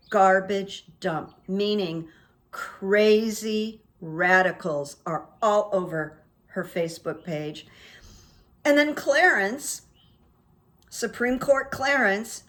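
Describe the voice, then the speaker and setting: Middle-aged woman host, solo news-commentary monologue, opinionated and chatty, mid-pitched. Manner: chatty, opinionated, with asides and fillers. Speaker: host of a psychic commentary channel. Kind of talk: casual political commentary monologue.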